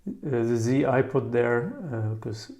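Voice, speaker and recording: A male language teacher who talks slowly and thinks aloud as he goes. He keeps checking in with his listener and repeats words over and over. Keys clatter softly in the background as he types. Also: mid-range voice, steady tone. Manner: slow, musing, repeats words aloud, frequent "yeah?" checks. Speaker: German teacher. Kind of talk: casual explanatory lesson.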